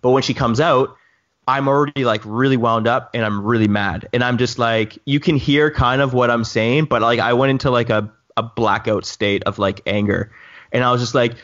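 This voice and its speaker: A man's voice: mid-range voice, normal speed. Rambling male storyteller, slightly muffled. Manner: rambling, animated storytelling with many restarts. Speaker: co-host telling a story. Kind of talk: casual chat among drone pilots.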